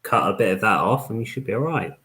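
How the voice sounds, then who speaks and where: A man sits in on a casual football podcast, giving blunt, plain opinions. His voice is very low. He speaks in a matter-of-fact way. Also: expressive, fast talker, pushed and bright. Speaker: podcast panelist.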